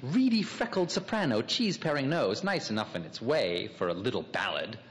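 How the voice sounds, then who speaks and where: A man's voice: medium pitch, very animated, normal speed, slight background noise, natural voice. An actor playing a wry middle-aged city man, drifting through an inner monologue full of asides. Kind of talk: radio drama acting. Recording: long hall reverb, faint ambience.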